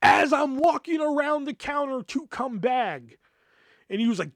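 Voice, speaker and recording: A man's voice: very high-pitched, moderate pace, no echo, studio quality. A young man hosting a podcast, telling a work story in a casual, profane way and acting out the quoted dialogue. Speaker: podcast host.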